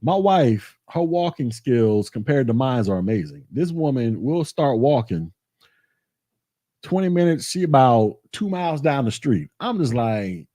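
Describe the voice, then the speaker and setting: Male vlog host, warm and dark in tone, chatty and animated, recorded dry. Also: medium pitch, unhurried, no room sound. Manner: animated storytelling, colloquial, repeats himself. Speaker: tech channel host. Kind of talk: casual vlog chat.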